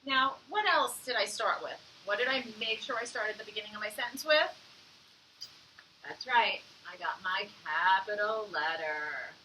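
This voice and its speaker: An encouraging woman teacher leads young children through a phonics lesson and sounds out each word slowly. Her voice is bright and clear. She is a little away from the mic, with faint room noise behind her. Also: medium pitch, lively intonation, far from the mic, low-quality recording.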